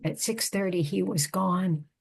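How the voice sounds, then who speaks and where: Casual: older lady, kinda husky, low-ish, calm reflective storytelling. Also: measured pace. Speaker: guest, psychotherapist and author. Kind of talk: personal storytelling in conversation.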